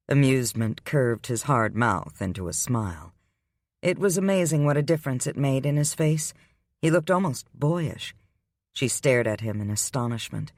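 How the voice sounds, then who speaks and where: A man giving the scripted, unhurried narration of a romance audiobook. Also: mid-range voice, expressive, dry recording, clean studio sound.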